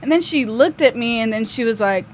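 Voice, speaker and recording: A woman's voice: fairly high pitch, animated, brisk. A young woman guest on a podcast, telling a story casually with lots of "like" and "um". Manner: chatty, full of fillers like "like" and "um". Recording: faint background noise.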